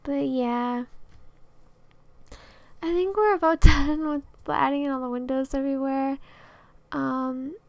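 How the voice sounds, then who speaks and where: Giggly, high-voiced young woman rambling casually. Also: steady tone, measured pace, long pauses, no echo. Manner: chatty, rambling, giggly, many fillers. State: out of breath. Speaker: Sims builder and video creator. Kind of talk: casual voice-over commentary.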